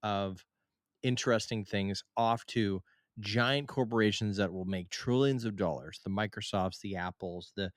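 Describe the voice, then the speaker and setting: A man's voice: on the low side, unhurried, no echo, clean studio sound. A man co-hosting a podcast, arguing his side in a casual debate and firing off rhetorical questions. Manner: argumentative, fires off rhetorical questions. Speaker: podcast co-host.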